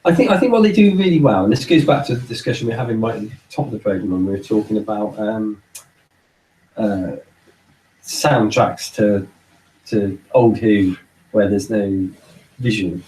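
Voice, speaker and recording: A man's voice: on the low side, normal speed, darkish tone. A man co-hosting a casual podcast, talking in loose, rambling sentences and often repeating words while he thinks. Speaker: podcast co-host. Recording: roomy echo, far from mic.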